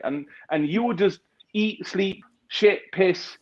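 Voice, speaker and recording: A man speaks in a husky, slightly breathy voice, pushing each point hard and cursing without a second thought. He sounds like a business founder fired up as a guest, and the dull lo-fi recording takes the top off his voice. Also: sits high, takes it slowly. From United Kingdom. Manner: emphatic, blunt, swears freely. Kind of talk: motivational interview talk.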